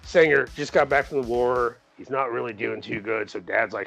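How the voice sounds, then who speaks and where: A man's voice: medium pitch, normal speed, creaky, a bit bright, faint music behind, poor audio. A man co-hosting a podcast, casually reviewing a movie in a rambling, profane way, laughing often and acting out the characters. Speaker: podcast co-host.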